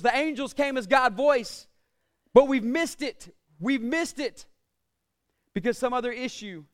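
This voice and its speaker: A man preaching a sermon as pastor, asking the congregation questions and swinging between loud declarations and quiet asides. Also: sits high. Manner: preaching with rhetorical questions and call-outs to the congregation.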